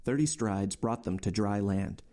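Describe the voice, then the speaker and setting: Guy reading a classic novel out loud, lowish voice, mellow, steady pace. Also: measured pace. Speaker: podcast host reading a novel aloud. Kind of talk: audiobook narration.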